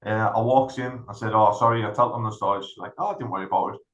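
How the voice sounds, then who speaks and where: A man's voice: on the low side, fast talker, muffled recording. A middle-aged man, a veteran co-hosting a podcast, telling a story in a casual chat and acting out the other people in it. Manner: animated anecdote-telling, acts out other people's lines. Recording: roomy echo.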